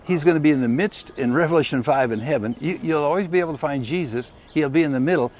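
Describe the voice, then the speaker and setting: A man's voice: on the high side, fast talker, darkish tone, a little hiss or hum. A man preaching a sermon in a folksy, emphatic way, often putting questions to the congregation.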